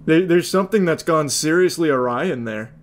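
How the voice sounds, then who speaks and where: A man's voice: on the high side, lively intonation, brisk, background noise. A man doing casual video reaction commentary, incredulous and sarcastic, swearing freely.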